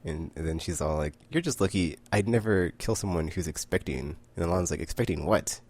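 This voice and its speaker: A man's voice: deep voice, a little fast. A man casually recapping a comic book issue, rambling with many fillers and frequent laughter.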